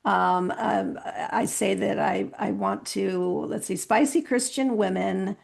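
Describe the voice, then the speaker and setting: A woman's voice: medium pitch, steady tone, slow, creaky, breathy edge. A woman podcast host, now the guest, talking earnestly and with animation in a casual interview, often restarting her sentences.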